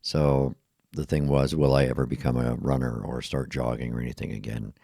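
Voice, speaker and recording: A man's voice: rumbling low, fairly even intonation, a little fast, creaky, mellow, no room sound, studio quality. A middle-aged man talking tiredly in a rambling, self-deprecating podcast monologue, laughing at himself often. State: tired, yawning. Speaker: podcast host. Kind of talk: casual monologue.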